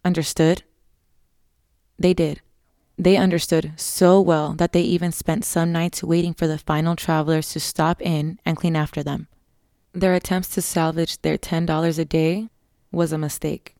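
A woman narrates a dark scripted story in a measured, somber way. Her voice is low and gravelly, mellow in tone, recorded close and dry. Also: level tone, dry recording.

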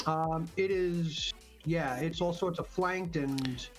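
A slightly high-voiced man playing a tabletop game over voice chat. He talks through his moves in a casual way and counts his numbers as he goes, with faint music behind. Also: slow. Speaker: player.

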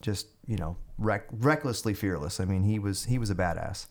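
Low-voiced man telling war stories. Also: normal speed. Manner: rambling, animated storytelling with many fillers and restarts. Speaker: guest musician and army veteran. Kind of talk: casual storytelling interview.

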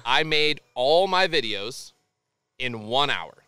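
A man guesting on a beer podcast, telling animated stories and swearing freely. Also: mid-range voice, slow, clear, resonant tone, dry recording. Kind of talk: casual chat over beers.

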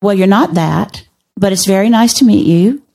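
An older woman, a guest on a podcast, telling stories in a measured, wry way. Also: mid-range voice, expressive, creaky, mellow. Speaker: podcast guest, teacher and author. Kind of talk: conversational storytelling.

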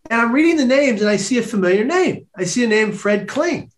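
An emotional, excitable man from San Francisco tells his own story as a podcast guest, often repeating words as he acts out other people's voices. His voice sits high for a man. The room adds a clear, roomy echo. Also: a little fast. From San Francisco, United States. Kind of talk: personal storytelling in a podcast interview.

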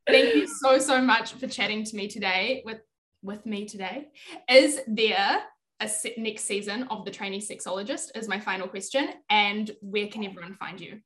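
A woman's voice: mid-range voice, normal speed, a bit bright. A young woman interviewing a guest over a video call, gushing and upbeat in a casual chat.

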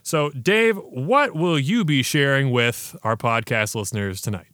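A man's voice: medium pitch, animated, measured pace, a bit bright, no echo, studio quality. A man hosting a podcast, chatting casually and enthusiastically through a beer review with slangy banter. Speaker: podcast host.

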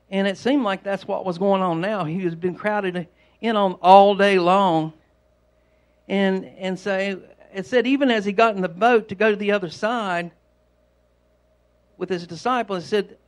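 A man's voice: high voice, gravelly. A man preaching an informal sermon, rambling and repeating himself as he tells homespun stories. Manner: rambling, repetitive, homespun storytelling. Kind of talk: conversational sermon.

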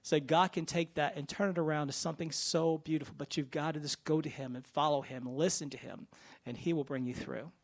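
Man, testimony in church, earnest, casual talk, slightly high pitch. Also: fairly even intonation, brisk. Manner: earnest, conversational, with fillers and restarts. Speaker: church member sharing testimony. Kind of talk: personal testimony.

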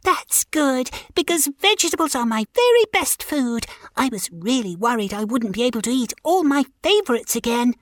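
A woman's voice: sits high, big pitch swings, normal speed, hardly any pauses, no echo, studio quality, pitched above the performer's own voice. A woman doing a prim, goody-goody little boy. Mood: pleased. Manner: earnest, eager to please. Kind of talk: storybook reading.

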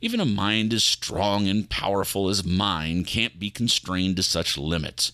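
A man hosting an audio fiction show with low, theatrical showman narration, recorded close and dry. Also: lively intonation, a little slow, sharp tone, no echo. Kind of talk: theatrical spooky host narration.

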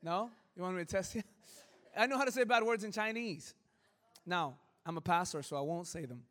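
A male pastor preaching a lively, humorous sermon to his congregation, acting out quick quoted voices as he goes. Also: sits high. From Southern California. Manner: animated, joking, acts out quick quoted voices. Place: church sanctuary. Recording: long hall reverb.

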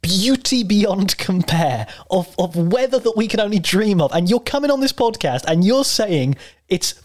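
A man's voice: sits high, lively intonation, moderate pace, darkish tone. A man co-hosting a podcast in casual chat, teasing his co-host playfully.

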